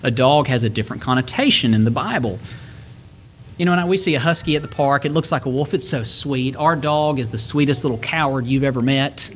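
A man preaching a sermon, reading scripture slowly and breaking into quick, folksy asides. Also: mid-range voice, slight background noise. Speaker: pastor.

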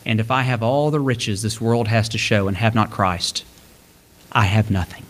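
A man preaching a sermon, reading scripture verses aloud and explaining them, his delivery rising and then dropping low for emphasis. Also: steady tone, normal speed, a little hiss or hum. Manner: expository preaching, reads scripture aloud, swings between lifted and hushed delivery.

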